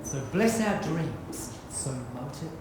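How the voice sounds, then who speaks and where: A man's voice: fairly high pitch, animated, takes it slowly, background noise. A man playing a boisterous pirate captain on a theatre stage, singing and reciting rhyming verse to a live audience. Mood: earnest recital. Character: boisterous old-time pirate captain, male. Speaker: solo stage performer. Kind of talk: live theatre show with songs and poems. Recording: echoey live theatre with music.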